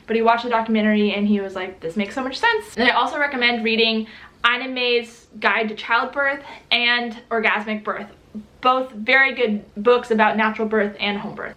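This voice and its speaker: A young woman talks straight to her camera in a relaxed, chatty vlog style. Her voice sits a little on the high side, and she laughs easily and fills her sentences with casual fillers. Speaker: vlogger.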